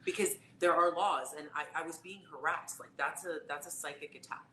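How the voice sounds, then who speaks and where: A woman with a low-pitched, bright and forceful voice talks a little fast as she tells a personal story. She's a psychic tarot reader on a casual live stream, chatty and leaning on lots of fillers, with a roomy echo and faint background noise in the recording.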